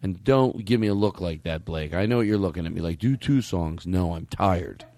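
A man's voice: low-pitched, normal speed, dark tone. A man hosting a podcast, bantering with his co-hosts in a laid-back, joking, self-deprecating way. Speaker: podcast host.

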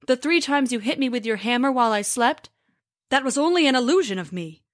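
A woman voicing a male giant who calmly explains his tricks in a storybook tale. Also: on the high side, brisk, no echo, clean studio sound, natural voice. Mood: explaining. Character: huge cheerful male giant.

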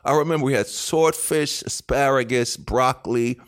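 A man spins a long story as an interview guest. His voice sits at an everyday middle pitch, but it leaps up whenever he mimics the people in the tale. He tells it in loose, cursing street slang. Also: moderate pace. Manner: animated, swings pitch sharply when acting out quotes; casual, profane street slang. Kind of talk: storytelling anecdote.

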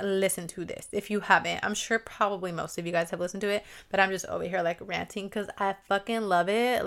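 Chatty young woman podcaster, casual and profane, smooth resonant tone. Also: medium pitch, a bit bright. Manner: chatty, swears freely, many likes. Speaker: solo podcast host. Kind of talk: casual chat.

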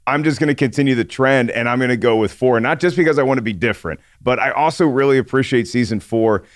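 A man's voice: mid-range voice, fast talker, dry recording, studio quality. A man co-hosting a podcast, giving thoughtful, analytical opinions in casual review chat. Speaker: podcast co-host.

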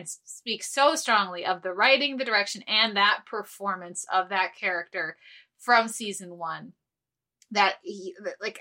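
A woman's voice: medium pitch, sharp tone. A woman co-hosting a podcast in casual chat, rambling and earnest with lots of fillers and restarts. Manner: earnest, easily moved. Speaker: podcast co-host.

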